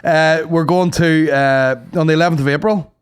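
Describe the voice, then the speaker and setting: A man's voice: fairly high pitch, normal speed, over music. A man co-hosting a comedy podcast, chatting casually and joking while plugging tour dates. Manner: animated, jokey, plugging tour dates with sing-song emphasis. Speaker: podcast co-host.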